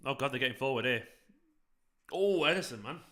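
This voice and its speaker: Hosting a live football watchalong for his fan channel, a young man reacts to the match and reads the chat, greeting viewers by name in a casual way. He talks a little fast in a mid-range, expressive voice with a sharp edge.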